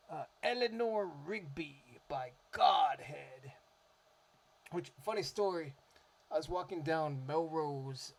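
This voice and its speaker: A man with a somewhat high voice rambles casually into a desktop microphone about cover songs he likes. He drifts between thoughts, leaning on fillers and restarts. A faint hum of room noise sits behind him. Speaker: music vlogger.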